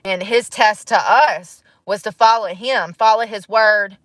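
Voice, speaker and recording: A woman in her thirties, talking to her channel in a casual, reflective monologue, musing and animated, with frequent laughs. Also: medium pitch, measured pace, few pauses, no room sound. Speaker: vlogger.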